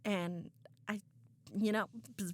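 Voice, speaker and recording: A young woman co-hosting a casual podcast chat, animated, laughing often and saying "like" a lot. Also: medium pitch, takes it slowly. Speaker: podcast co-host.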